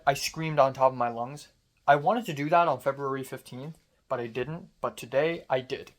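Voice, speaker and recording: A man ranting on a vlog, angry and swearing, mocking himself with sarcasm. His voice is strained and deepened from screaming. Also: fairly bright tone. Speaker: vlogger. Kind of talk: personal rant.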